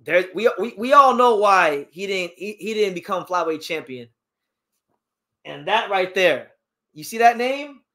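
A man's voice: high-pitched, expressive, unhurried, sharp tone. A man hosting a boxing talk stream, reading chat questions and giving strong opinions, often repeating words as he gets worked up. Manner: emphatic, opinionated, repeats words when fired up. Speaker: boxing talk show host. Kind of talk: live-stream boxing commentary answering chat.

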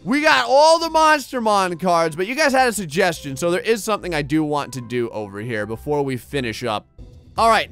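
A man's voice: high-pitched, fairly bright tone. A man giving casual let's-play commentary, joking, swearing and laughing as he plays. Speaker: gameplay commentator.

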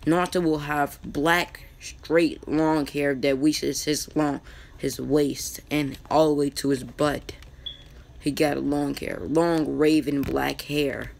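A man narrating his own anime fan-fiction story in a casual, halting way, often restarting names and using slang. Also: a little high, little pitch movement, creaky.

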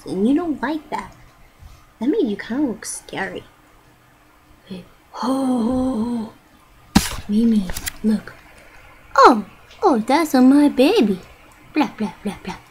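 Slow-talking playful young woman. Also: sits high, lively intonation, a little mellow, a little hiss or hum, poor audio. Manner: playful and rambling, coos at her pets. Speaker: vlogger. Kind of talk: casual webcam chatter. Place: at home. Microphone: webcam.

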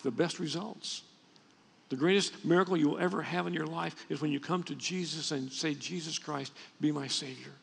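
A man's voice: on the high side, gravelly, breathy edge. A man preaching a sermon as pastor, in a conversational way with frequent restarts. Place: church sanctuary. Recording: long reverb from a church hall.

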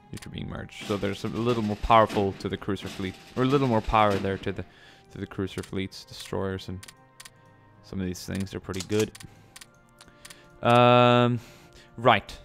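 A man's voice: lowish voice, fairly even intonation, measured pace, pauses often, fairly bright tone, soft background music. Chatty man narrating gameplay. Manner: chatty, many ums, jokey asides. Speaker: let's play gamer. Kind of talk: casual gameplay commentary.

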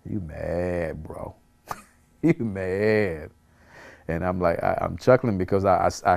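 A man's voice: lowish voice, a little mellow. A man, a pastor, teaching a Bible study in an earnest way, repeating phrases for emphasis and chuckling at himself.

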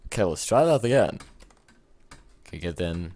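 A man doing gaming commentary, excitable, yelping and shouting at what happens in the game. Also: low-pitched, normal speed. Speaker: let's play gamer.

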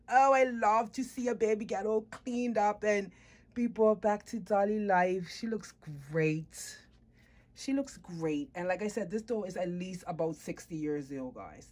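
A woman's voice: medium pitch, a little mellow. A woman vlogging about her doll collection in casual chat to the camera, gushing and cooing baby talk at her doll.

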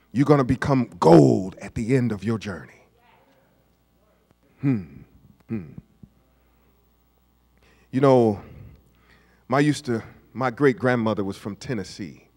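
A man in his fifties preaching a sermon, putting questions to the congregation and swinging from hushed asides to shouts. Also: medium pitch, takes it slowly, vocal fry, long pauses. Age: 50s. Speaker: pastor. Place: church sanctuary. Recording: church hall reverb.

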